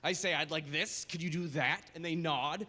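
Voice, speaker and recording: Stand-up comic, man, high voice, exaggerated delivery, echoey club with crowd noise. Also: normal speed. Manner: energetic, exaggerated, self-deprecating. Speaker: stand-up comedian. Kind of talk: stand-up comedy set. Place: comedy club stage. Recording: echoey live venue with background noise. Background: audience laughter.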